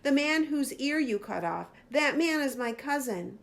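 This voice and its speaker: Storybook servant, a man, scornful and accusing, a woman reads him a touch high. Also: expressive, a little slow, gravelly, full character voice. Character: angry male servant, accusing.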